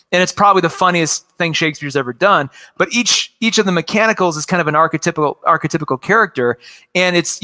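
A man's voice: sits high, sharp tone. A man in his forties chatting enthusiastically about cartoons, rambling with lots of fillers. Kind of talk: casual chat about cartoons.

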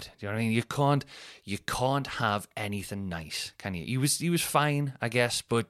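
A man's voice: lowish voice, animated, moderate pace, no room sound, clean studio sound. A man, rambling and swearing through a casual solo podcast chat. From North East England. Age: 30s. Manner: rambling and sweary, thinks out loud. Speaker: podcast host.

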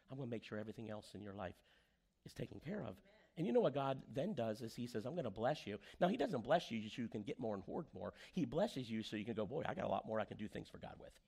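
Guy pastor preaching a sermon, tells stories and does the voices, normal pitch. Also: creaky, slightly rough. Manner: animated storyteller, acts out quoted voices.

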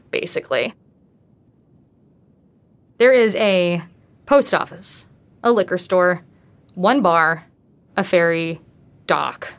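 A woman casually telling her own true story, talking in a loose way with frequent "like" fillers. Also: fairly low pitch.

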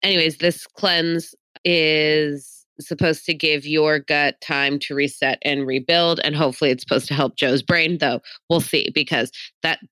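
A woman's voice: low voice, fairly even intonation, unhurried, few pauses, a bit bright, no room sound. A woman co-hosting a podcast, chatting casually and upbeat with lots of fillers. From Mexican heritage. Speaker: podcast co-host.

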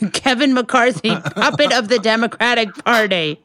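A woman's voice: on the high side, fairly bright tone. A woman co-hosting a podcast in casual chat, blunt and sarcastic, swearing freely. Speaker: podcast co-host.

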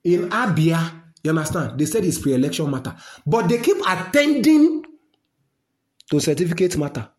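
A man's voice: sits high, very animated, moderate pace, a little mellow. A man with a Nigerian accent, delivering a fiery, rambling political rant to his listeners. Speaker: political commentator. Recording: roomy echo.

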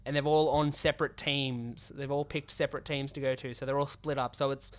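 A man hosting a podcast while sick with a cold, his voice raspy from a sore throat, talking eagerly in casual chat. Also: medium pitch, little pitch movement, brisk. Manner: enthusiastic, gushing. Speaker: podcast host.

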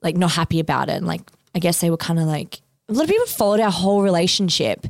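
A woman's voice: lowish voice, animated, quick pace, creaky, no echo, clean studio sound. A woman, a podcast guest chatting casually and filling her talk with "like". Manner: chatty, heavy use of "like". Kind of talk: casual chat.

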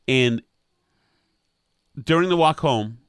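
A man's voice: medium pitch, takes it slowly, smooth, dry recording, clean studio sound. A middle-aged man telling a long rambling story in casual chat, restarting sentences and trailing off with self-deprecating asides.

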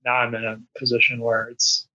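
A man's voice: medium pitch, monotone, a little fast, pushed and bright, muffled recording. A man in casual podcast chat who rambles with many restarts and fillers.

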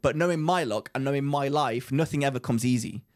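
Young male podcast co-host, mid-pitched, animated storyteller, frequent laughter. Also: brisk. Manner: excitable storyteller, laughs often. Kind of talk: casual chat.

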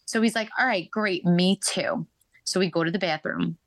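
A woman guest on a podcast, telling stories in a chatty, animated way, full of "like" and "um". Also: fairly low pitch, normal speed, no echo. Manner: chatty, animated, many fillers like "like" and "um". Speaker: podcast guest, reality show contestant. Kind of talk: casual storytelling interview.

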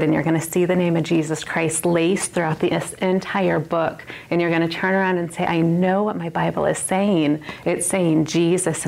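A woman's voice: lowish voice, a little mellow. A woman in her thirties giving a personal testimony to a women's Bible study, earnest and emphatic, often laughing at herself.

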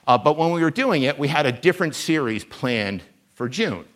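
A man preaching a sermon as a guest preacher. He speaks in a conversational, animated way and pokes fun at himself. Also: a little high, normal speed. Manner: conversational, animated, self-deprecating.

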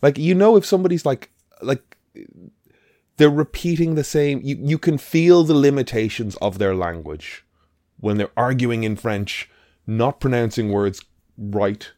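A man's voice: medium pitch, a little slow, dark tone, dry recording, studio quality. A man co-hosting a podcast, chatting casually about a film in a rambling, emphatic way with the odd swear. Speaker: podcast co-host. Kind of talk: casual film review chat.

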